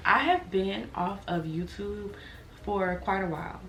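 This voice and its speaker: A woman's voice: mid-range voice, lively intonation, unhurried, a bit bright, faint music behind. A woman in her twenties talking earnestly and reflectively to her viewers in a candid sit-down vlog. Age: 20s. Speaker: vlogger. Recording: roomy echo, faint noise.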